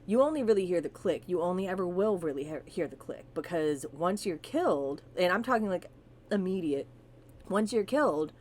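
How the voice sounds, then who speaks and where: A woman co-hosting a podcast, telling wild stories in a casual, animated way, swearing freely and sometimes reading aloud. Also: lowish voice, normal speed, slight background noise. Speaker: podcast co-host. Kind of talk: casual storytelling chat with profanity.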